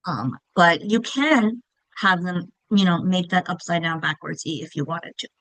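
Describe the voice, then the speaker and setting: A woman giving a casual, clear instructional presentation on reading, stretching example words to show emphasis. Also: fairly low pitch, unhurried, fairly bright tone, no room sound, low-quality recording. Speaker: literacy teacher trainer.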